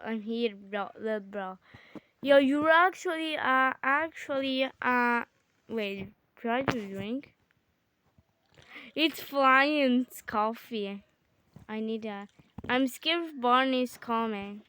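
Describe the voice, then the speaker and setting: A high-voiced woman chats through a game with her sibling, exclaiming and bickering. She talks at an unhurried, drawn-out pace even when she gets excited. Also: a little hiss or hum. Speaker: gamer. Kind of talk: casual gaming chat with a sibling.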